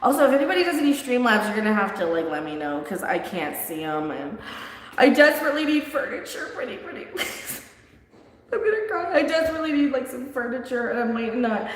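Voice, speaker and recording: A woman chatting casually on a live stream, animated and rambling, laughing often and restarting her sentences. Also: a little high, fast. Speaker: streamer reviewing a show. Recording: very echoey room with long reverb.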